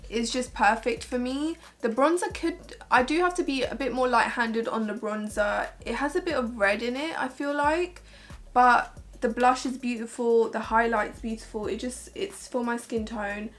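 A woman beauty vlogger talks casually to camera, gushing about products. Her voice sits a little high, and her speech is loose and full of "like"s. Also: normal speed, a bit bright. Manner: chatty and gushing, many filler "like"s. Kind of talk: casual makeup review to camera.

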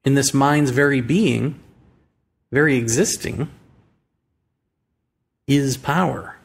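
A man's voice: medium pitch, vocal fry, breathy edge. An American man hosting a podcast, thinking aloud in a reflective monologue and asking rhetorical questions. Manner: musing, rhetorical questions, slow deliberate phrasing. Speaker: podcast host. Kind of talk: reflective monologue on politics and spirituality.

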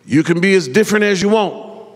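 A man's voice: high-pitched, a little fast. A man preaching a sermon as pastor, building up to hollering peaks and calling on the congregation to answer. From Detroit. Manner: preaching in rising, hollering build-ups with call-and-response. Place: church sanctuary. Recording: reverberant church hall.

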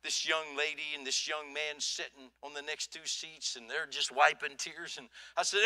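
High, bright-voiced preacher delivering a sermon. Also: male voice, moderate pace, hardly any pauses. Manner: animated storytelling, swings from hushed to loud. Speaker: pastor. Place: church sanctuary.

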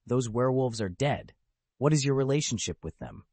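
A man voicing a calm, cold young male wizard who speaks in a matter-of-fact way. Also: mid-range voice, moderate pace, creaky, dry recording. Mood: cool.

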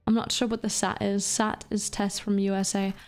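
A woman's voice: medium pitch, flat delivery, moderate pace. Foul-mouthed playful woman streamer. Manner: profane, playful, flirty banter with chat. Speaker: VTuber streamer. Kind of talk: casual live-stream chat while gaming.

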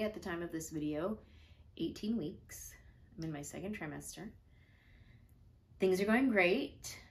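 Pregnant woman, vlog storyteller, mid-pitch voice, lively delivery that acts out quotes. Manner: animated, acts out her own and others' quoted lines. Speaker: vlogger telling her own story. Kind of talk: casual storytelling.

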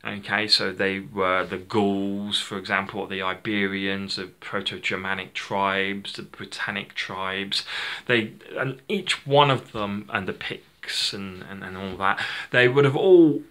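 Rambling chatty man with a bright voice. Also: fairly low pitch, steady tone, measured pace. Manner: rambling, self-correcting, chatty. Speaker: channel host. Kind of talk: unscripted casual monologue.

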